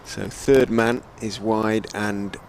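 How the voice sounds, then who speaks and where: A man giving live ball-by-ball cricket commentary, measured and telling stories between deliveries. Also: lowish voice, steady tone, a little hiss or hum.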